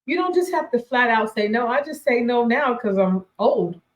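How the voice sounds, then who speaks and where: A woman's voice: on the high side, animated, moderate pace, roomy sound, rough recording. A woman in her forties hosting a radio show, giving casual motivational talk, emphatic and repeating herself, laughing often. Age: 40s.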